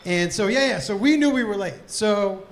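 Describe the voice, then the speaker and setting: A man doing a stand-up comedy set on a club stage, telling stories loudly and profanely, with bursts of shouting. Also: sits high, animated, moderate pace. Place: comedy club stage before a laughing audience. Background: audience laughter and room ambience.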